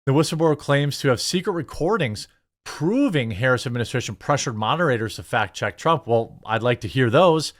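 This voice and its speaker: A man talks through casual political commentary in a blunt, sarcastic way. He rambles, breaks off and restarts often, and fills gaps with lots of "you know" and "I mean". His voice sits in an ordinary middle pitch. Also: lively intonation, brisk.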